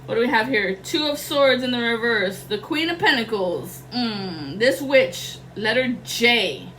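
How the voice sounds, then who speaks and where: A woman's voice: a little high, lively intonation, unhurried, pushed and bright, slight background noise, rough recording. A young adult woman doing a casual tarot reading, rambling and slangy, swearing freely. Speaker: tarot reader.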